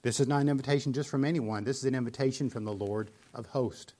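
A man's voice: mid-range voice, fast talker, mellow. Earnest male preacher. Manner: earnest expository preaching with emphatic repetition. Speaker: pastor. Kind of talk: sermon.

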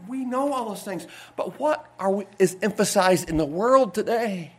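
Male pastor, high-pitched folksy sermon voice, rambling, given to loud bursts. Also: animated, moderate pace. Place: church sanctuary.

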